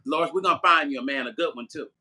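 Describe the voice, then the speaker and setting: A man's voice: on the high side, racing, bright, forceful tone, breathy edge. An older man vlogging live and chatting loosely with viewers, joking and talking straight to his chat. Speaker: musician vlogger. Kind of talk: casual livestream chat reading viewer comments.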